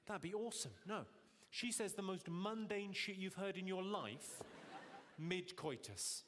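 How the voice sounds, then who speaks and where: Brief: high-pitched deadpan male comic, long hall reverb, loud noise. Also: unhurried. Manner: deadpan, teasing the audience. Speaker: stand-up comedian. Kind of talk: stand-up comedy with crowd work. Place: large theatre in Glasgow.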